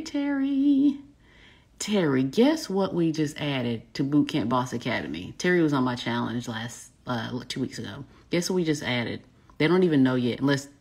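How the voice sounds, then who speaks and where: Southern woman, business coach, casual live-stream chat; husky, low, a little gravelly, smooth folksy delivery. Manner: folksy, says y'all often, smooth delivery.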